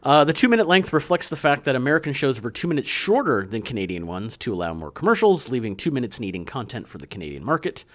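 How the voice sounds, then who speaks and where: A man's voice: medium pitch, sing-song, quick pace, few pauses. A man hosting a podcast, reading history notes aloud in a casual chat and laughing easily. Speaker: podcast host.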